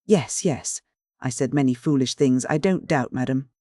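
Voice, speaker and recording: A narrator voicing an excitable elderly male professor, obsessed with his collection, breaking into shrill, indignant outbursts. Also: moderate pace, no echo, studio quality, natural voice.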